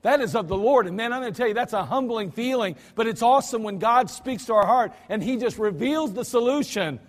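A man's voice: extremely high pitch, animated, brisk. A man preaching a sermon in a folksy, emphatic manner, with lots of repetition. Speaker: pastor. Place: church sanctuary. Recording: archived church service with long hall reverb.

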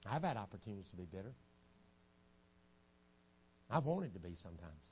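A man preaching a revival sermon, dropping to a low, hushed storytelling voice and then rising to loud, shouted preaching. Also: very animated, a little fast. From United States. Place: church sanctuary. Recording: archived church recording with faint hum.

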